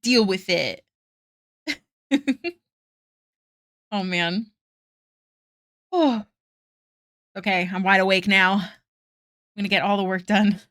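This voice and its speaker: A woman's voice: medium pitch, slow pace, pauses often, fairly bright tone, dry recording, studio quality. A woman art streamer chatting casually with viewers while drawing, giggling often and thanking them effusively.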